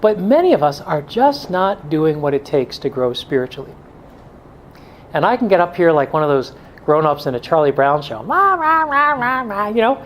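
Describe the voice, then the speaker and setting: A man's voice: on the high side, darkish tone, slight background noise, rough recording. A middle-aged male pastor giving a blunt, joking talk to a men's group, now and then mimicking excuses in a whiny voice.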